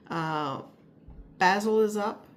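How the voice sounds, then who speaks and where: A woman's voice: medium pitch, slow pace. A woman giving a casual weekly garden update, rambling and hesitant with many fillers and restarts. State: a little out of breath. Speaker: vlogger. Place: home, upstairs spare room.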